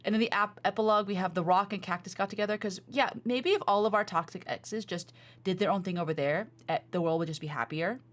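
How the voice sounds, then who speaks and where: A woman co-hosting a casual podcast, chatting in an animated way with lots of fillers. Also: mid-range voice, fast, few pauses. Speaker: podcast co-host. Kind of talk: casual chat.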